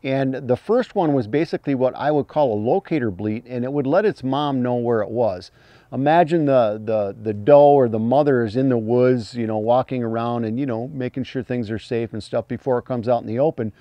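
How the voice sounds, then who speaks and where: A man teaching hunting calls in a plain-spoken, folksy way, breaking into high imitated fawn cries as he explains. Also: brisk, no room sound, muffled recording. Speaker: hunting call instructor. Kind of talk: instructional talk.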